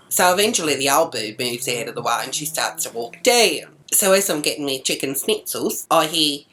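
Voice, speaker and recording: Low-voiced, foul-mouthed Australian woman. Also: expressive, moderate pace, fairly bright tone. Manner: coarse, swears constantly, indignant. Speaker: vlogger. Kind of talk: ranting comic storytelling to camera.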